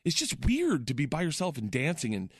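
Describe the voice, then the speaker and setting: A man telling comic stories in casual chat. He laughs often and jumps into excited voices when quoting people. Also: fairly quick, breathy edge, no echo, studio quality. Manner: animated, laughs often, does high excited voices in quotes. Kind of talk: casual comedic storytelling.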